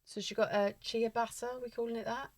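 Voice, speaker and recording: A woman co-hosting a podcast, chatting casually with teasing, wry, deadpan asides. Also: on the high side, fairly quick, vocal fry, no echo. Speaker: podcast co-host. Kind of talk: casual chat.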